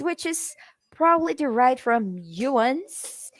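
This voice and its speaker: A woman teaches English on a live stream in a fairly high voice, taking her time over each phrase. She chats with her viewers and greets them as she reads their comments. Her voice sits close and dry, with no room echo around it. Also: animated, takes it slowly. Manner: chatty, addresses viewers in the comments. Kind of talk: live-streamed language lesson.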